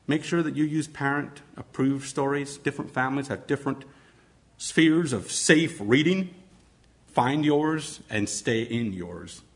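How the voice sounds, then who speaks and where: A man teaching fellow educators how to read stories aloud, with an expressive, demonstrative delivery. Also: medium pitch, unhurried. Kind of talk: instructional talk on read-aloud storytelling.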